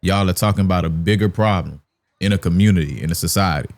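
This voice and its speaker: A man commenting on a debate clip, explaining his view in a firm, measured way. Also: deep voice, noisy background. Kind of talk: reaction commentary.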